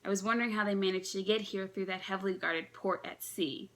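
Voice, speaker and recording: A woman reading aloud as an apologetic young bride-to-be, quiet and secretive. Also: mid-range voice, steady tone, fairly quick, close to an everyday voice.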